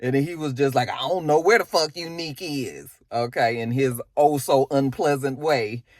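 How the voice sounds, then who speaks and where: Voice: medium pitch, moderate pace, no echo, studio quality. A TV reviewer recapping an episode in a casual, slangy storytelling way, full of asides and fillers.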